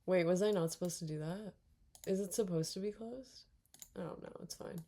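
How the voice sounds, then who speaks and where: A young woman giving casual let's-play commentary, reacting out loud, muttering to herself and swearing a lot. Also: lowish voice, normal speed. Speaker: gaming streamer.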